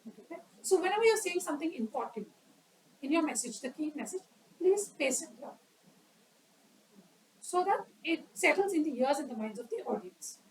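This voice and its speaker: A woman's voice: sits high, expressive, moderate pace, long pauses, distant mic, slight background noise, rough recording. A woman giving an educational talk on public speaking at a club meeting, quizzing the audience and acting out examples.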